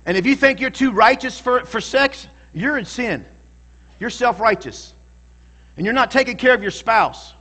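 A man's voice: very high-pitched, expressive, normal speed, bright, forceful tone. A male pastor preaching a sermon in a church, emphatic and calling out to the congregation for responses.

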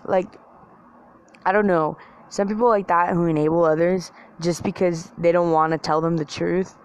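A woman ranting casually to her viewers, rambling, swearing often and mocking herself. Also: on the low side. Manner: rambling, profane, self-mocking, filler-heavy. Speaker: vlogger. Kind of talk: casual rant to camera.

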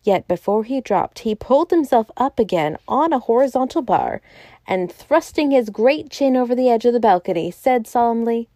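Woman audiobook narrator, measured, mellow, dry close read. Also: on the high side, animated, no echo. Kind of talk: scripted narration.

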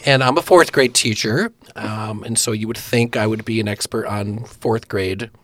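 A man's voice: lowish voice, normal speed, fairly bright tone, dry recording. A man hosting a casual devotional podcast, joking with his guest and reading scripture aloud. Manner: jokey, reads scripture aloud. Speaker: podcast host.

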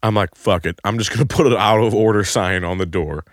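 A man co-hosting a podcast, telling a crude comedic story and shouting the quoted lines. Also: fairly low pitch, quick pace, no echo, studio quality.

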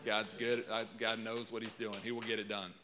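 A man's voice: fairly low pitch, flat delivery, moderate pace, a crowd in the background. A man preaching a conversational sermon in a casual way, often repeating words as he restarts. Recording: long hall reverb.

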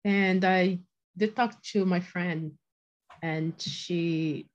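Woman, slow halting speech, repeats words, emotional storytelling, dull lo-fi sound. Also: lowish voice, steady tone. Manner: halting, repeats words, acts out quoted voices. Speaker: podcast guest. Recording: dull lo-fi audio.

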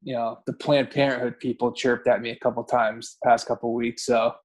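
A man's voice: medium pitch, flat delivery, fairly quick, slightly rough. A man co-hosting a podcast, telling rambling, profane stories in casual chat and often correcting himself. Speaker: podcast co-host.

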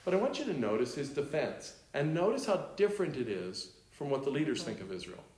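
A man's voice: medium pitch, very animated, a little fast, darkish tone. A man explaining scripture to a group in a conversational way, asking them rhetorical questions. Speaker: Bible teacher. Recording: roomy echo.

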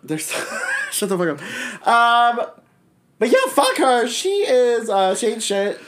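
A man co-hosting a casual podcast, sassy and profane, firing off quick comebacks. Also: extremely high pitch, expressive, fairly bright tone. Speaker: podcast co-host. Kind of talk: casual chat.

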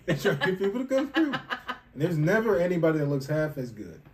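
A man's voice: fairly high pitch, big pitch swings, brisk. A man co-hosting a podcast in casual chat, joking playfully and laughing as he tells his story. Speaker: podcast co-host.

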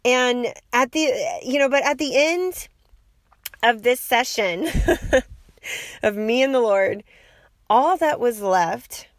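A woman's voice: on the high side, a bit bright, no echo, clean studio sound. A middle-aged woman hosting a podcast, sharing a heartfelt faith testimony in her car with earnest storytelling and light laughs. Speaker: podcast host. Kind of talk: personal faith testimony monologue.

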